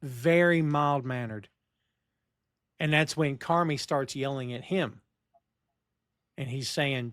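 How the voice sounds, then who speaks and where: A man's voice: medium pitch, slow, long pauses, fairly bright tone, clear, resonant tone, no room sound, clean studio sound. A man co-hosting a TV review podcast, recapping scenes bluntly and acting out the characters' lines. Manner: blunt, acts out quoted lines. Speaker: podcast co-host. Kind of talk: casual TV review chat, recapping plot.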